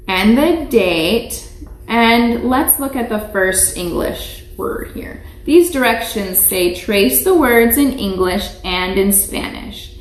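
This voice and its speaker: A woman teaching young children in a live online lesson, speaking patiently and repeating each word for them to echo. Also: medium pitch. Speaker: preschool teacher. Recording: echoey room.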